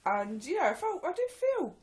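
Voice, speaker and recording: A woman co-hosting a comedy podcast, animated and quick with dry, self-deprecating quips. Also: extremely high pitch, over a noisy crowd. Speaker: podcast co-host. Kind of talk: casual comedy chat.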